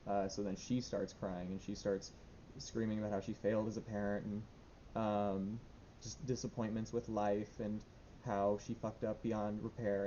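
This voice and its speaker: A young man rambling nervously in a casual diary vlog, with lots of fillers and restarts. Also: warm tone. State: anxious. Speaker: vlogger. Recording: dull lo-fi with faint rumble.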